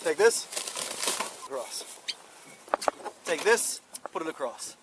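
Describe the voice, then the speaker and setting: Stern officer on a noisy boat. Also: male voice, a little high, sing-song, takes it slowly. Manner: firm, stern, lecturing. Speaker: wildlife officer. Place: outdoors on a boat. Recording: noisy outdoor bodycam audio.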